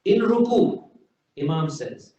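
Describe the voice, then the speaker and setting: A man's voice: high voice, lively intonation, slow, mellow. A man preaching a sermon in a mosque, telling stories emphatically and quoting Arabic phrases. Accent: British English. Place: mosque hall. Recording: very echoey, distant, dull hall recording.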